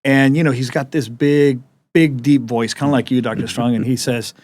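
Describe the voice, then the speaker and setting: A man hosting an interview show, telling stories in an animated, halting way. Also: mid-range voice. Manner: animated storyteller, many restarts. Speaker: podcast host. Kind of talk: conversational interview.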